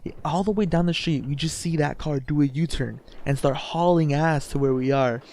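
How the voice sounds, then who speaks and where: A man's voice: fairly high pitch, normal speed, a little mellow. A young man telling a story in a casual vlog, rambling and swearing, with lots of "you know" and "like" as he goes. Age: young adult. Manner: rambling and profane, full of "you know" and "like", laughing as he tells. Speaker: YouTuber.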